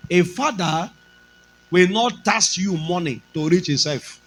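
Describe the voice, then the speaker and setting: A man's voice: high-pitched, measured pace, fairly bright tone, breathy edge, low-quality recording. A male pastor with a Nigerian accent, preaching a sermon with emphatic delivery and slipping into Pidgin.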